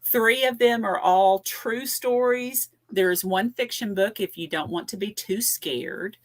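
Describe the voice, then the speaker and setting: A woman's voice: mid-range voice, measured pace. Southern woman, easygoing guest. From Tennessee. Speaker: podcast guest, paranormal investigator. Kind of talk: casual podcast conversation.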